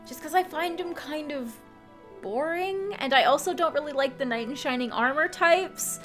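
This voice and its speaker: A woman's voice: on the high side, a bit bright. A woman hosting a game channel, reviewing a game ending in a casual, chatty way with lots of fillers.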